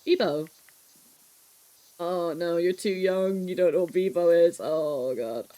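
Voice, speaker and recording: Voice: medium pitch, takes it slowly, poor audio. A live streamer in their thirties, chatting casually and reminiscing with viewers, swearing freely and laughing often. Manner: reminiscing, animated storytelling. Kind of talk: casual chat while cleaning on stream.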